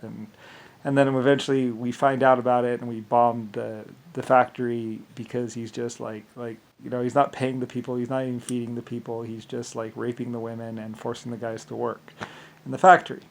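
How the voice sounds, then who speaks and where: A man's voice: mid-range voice, flat delivery, brisk, creaky, low-quality recording. A man in a casual, rambling rant, scornful, full of restarts and fillers.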